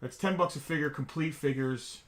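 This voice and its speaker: A man's voice: a little high, moderate pace. A man co-hosting a casual toy chat show, laid-back and wisecracking. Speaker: co-host.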